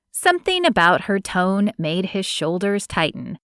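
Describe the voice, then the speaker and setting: A woman reading an audiobook as narrator, in an even, measured manner, close to the mic. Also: mid-range voice, clean tone, dry recording. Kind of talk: scripted narration.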